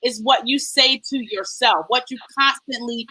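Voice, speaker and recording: A high-pitched woman hosts a live stream and reads viewer comments aloud. Her tone is bright and clear, and she greets each viewer in a lively, sing-song way. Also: moderate pace, low-quality recording. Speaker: host.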